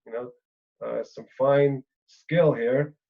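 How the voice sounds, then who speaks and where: A man explaining scripture at a mid-range pitch, working his thoughts out aloud with frequent pauses and fillers. He leans on little "right?" tags to keep his listeners with him. The sound is dull and lo-fi, like an older lecture recording. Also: fairly even intonation, creaky. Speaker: Bible lecturer.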